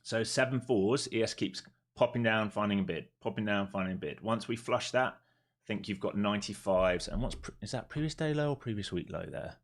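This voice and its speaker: A man with a notably low, deep voice talks through his day trades live as the market moves. He keeps up a quick, running commentary from his trading desk. When a trade goes his way he bursts into loud, excited cheering and swearing. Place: home trading desk with several monitors.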